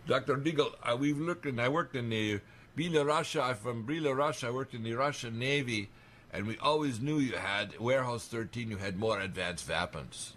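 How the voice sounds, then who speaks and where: A man's voice: mid-range voice, moderate pace, fairly bright tone, slight background noise, natural voice. A man doing an accented ex-navy man from Belarus. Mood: earnest.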